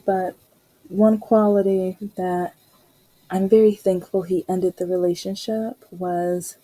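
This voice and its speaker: A woman's voice: fairly low pitch, level tone, takes it slowly, warm tone, rough recording. A young adult woman hosting a podcast, chatting casually and rambling through a personal story with frequent laughs. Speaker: podcast host.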